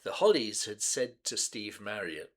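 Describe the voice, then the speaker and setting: An older man in his seventies talks through his memories of a song. His voice sits a little low, and he speaks very slowly. He hesitates often, fills gaps with ums and starts lines over. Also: sing-song. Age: 70s. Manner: unhurried and hesitant, many ums and restarts. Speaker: music reaction channel host. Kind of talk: reminiscing music commentary.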